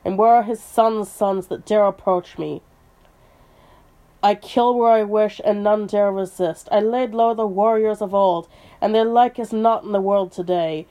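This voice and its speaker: Woman reading a bragging old storybook dragon, menacing, mid-pitched. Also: fairly even intonation, unhurried, warm tone, close to an everyday voice. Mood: gloating menace. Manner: read aloud from a book. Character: boastful ancient male dragon, menacing.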